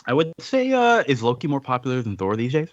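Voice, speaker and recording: A man's voice: medium pitch, wildly swooping pitch, fast talker, dry recording, highs cut off. A man hosting a comics podcast in a casual, rambling chat, laughing often. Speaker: podcast host.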